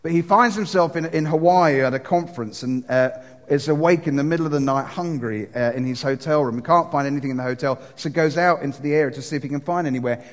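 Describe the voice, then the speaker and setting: Preacher, male, earnest storytelling sermon, slightly high voice, long church-hall reverb.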